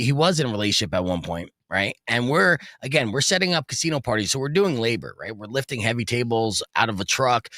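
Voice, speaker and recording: Animated man telling rowdy stories. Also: mid-range voice, dry recording, studio quality. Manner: animated, rowdy storytelling, yelling out quoted lines. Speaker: podcast host. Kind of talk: casual podcast storytelling.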